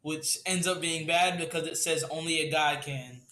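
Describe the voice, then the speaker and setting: A man's voice: fairly high pitch, fairly even intonation, moderate pace, pushed and bright. A young man improvising a story, hesitant and full of fillers, laughing easily. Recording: roomy echo.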